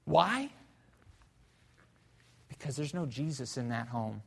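A man preaching a sermon as pastor in a church, telling a story fervently, swinging between loud and hushed. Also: medium pitch, very animated, slow pace, vocal fry, breathy edge, in a large hall. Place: church sanctuary.

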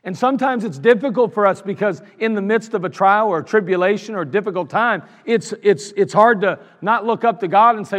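High-voiced preacher in an echoing church. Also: male voice, a little fast, hardly any pauses, fairly bright tone. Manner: earnest, emphatic, repeats phrases for stress. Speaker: pastor. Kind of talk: sermon. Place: church sanctuary. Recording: reverberant church sanctuary.

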